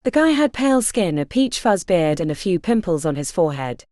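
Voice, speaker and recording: Woman reading a fantasy audiobook, lots of pitch movement, dry close mic. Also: no room sound. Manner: expressive, measured storytelling. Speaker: audiobook narrator. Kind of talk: audiobook narration.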